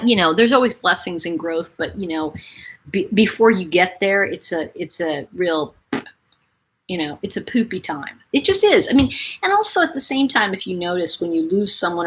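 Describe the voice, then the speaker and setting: A middle-aged woman hosting a live stream, talking warmly and expressively with viewers, with many fillers. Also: lowish voice, husky. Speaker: host of a live stream, reading viewer comments. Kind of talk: casual live-stream chat.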